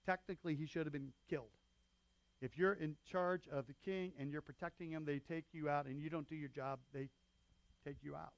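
A man's voice: a little high, fairly even intonation, a little fast, creaky, no echo. A man preaching a sermon as pastor, talking in a loose, conversational way with frequent asides to the congregation.

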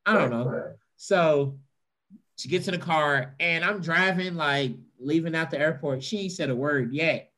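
Animated man telling a profane story. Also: moderate pace. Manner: animated, profane, mimics voices in a high pitch. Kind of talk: stand-up storytelling.

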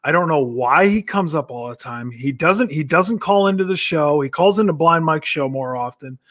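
A man's voice: on the high side, lively intonation, moderate pace, fairly bright tone, no room sound, clean studio sound. A man co-hosting a podcast, teasing and needling the others in casual banter. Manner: teasing, laughing, egging others on. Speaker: podcast co-host.

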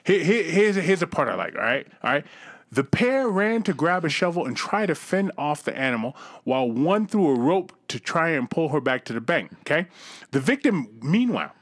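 A man's voice: on the high side, very animated, normal speed, dry recording, studio quality. A man co-hosting a casual chat, reading out a news story and riffing on it with profane, mock-dramatic asides. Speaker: podcast co-host.

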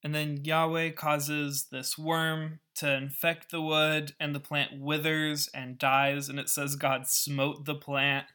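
Bright-voiced man explaining a scripture story. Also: fairly high pitch, completely flat delivery, takes it slowly, few pauses, clean tone. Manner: casual, wry explanations with asides. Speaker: podcast Bible teacher.

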